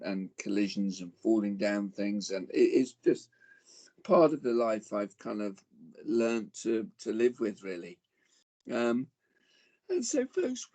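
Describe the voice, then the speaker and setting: A man's voice: mid-range voice, vocal fry, warm tone. A man in his forties giving a motivational talk to parents, telling a personal story with dramatic swings and calling his listeners folks. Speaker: speaker addressing parents.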